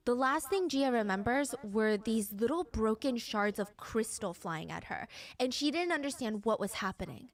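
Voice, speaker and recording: A woman's voice: a little high, animated, normal speed, few pauses. A woman narrating a true crime story in a dramatic storytelling way. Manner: dramatic storytelling, acts out quotes.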